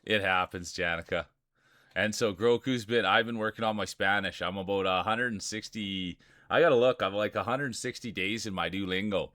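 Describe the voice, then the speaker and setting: A man's voice: fairly low pitch, normal speed, bright, forceful tone, no room sound, studio quality. A man streaming live, chatting casually and rambling while greeting viewers by name.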